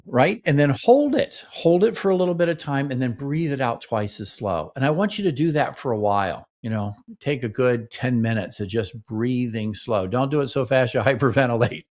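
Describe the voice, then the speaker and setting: A man's voice: medium pitch, darkish tone. A man hosting a relationship show, explaining to couples in an instructional talk and checking in with "okay?" and "right?". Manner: coaching, frequent "okay?" and "right?" check-ins. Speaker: relationship therapist and podcast host.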